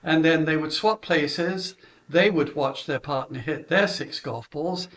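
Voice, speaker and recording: A man's voice: a little high, measured pace, fairly bright tone. A middle-aged British man, a golf coach, chattily recounting how he runs his junior lessons, with chuckles and filler words. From Britain.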